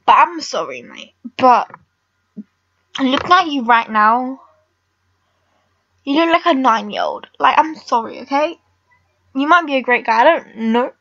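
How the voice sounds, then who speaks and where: High-voiced teen girl rambling over gameplay. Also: expressive, unhurried, long pauses, pushed and bright, no room sound, muffled recording. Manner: rambling, blunt, frequent "like" fillers. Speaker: gamer vlogger. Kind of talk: casual game commentary.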